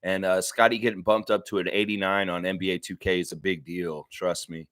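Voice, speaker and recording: Excitable sports-stream host, dry close sound. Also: male voice, sits low, brisk, no echo. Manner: excitable, shouts hype bursts, chewing while talking. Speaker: livestream host. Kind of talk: casual sports fan livestream.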